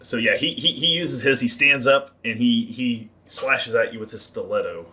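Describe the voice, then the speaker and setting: A man acting as game master, narrating a tabletop game and explaining rules with relaxed fillers. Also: mid-range voice, normal speed.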